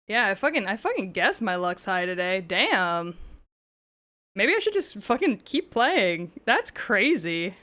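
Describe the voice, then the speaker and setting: A woman's voice: medium pitch, sing-song, measured pace, sharp tone. A woman streaming gameplay, chatting casually with frequent swearing and joking asides.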